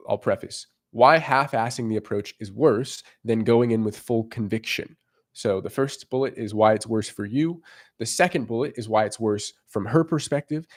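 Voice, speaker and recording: A young man talking frankly as a dating coach in a casual monologue, swearing freely. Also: mid-range voice.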